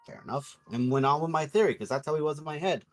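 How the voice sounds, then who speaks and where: A man streaming while he draws, chatting casually in rambling, sweary, animated rants. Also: a little high, quick pace, soft background music.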